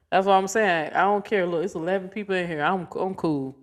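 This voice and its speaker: A woman's voice: fairly low pitch, steady tone, brisk, few pauses. A woman in her forties, hosting a casual livestream, chatting with viewers and playfully coaxing her dog. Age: 40s. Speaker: livestream host.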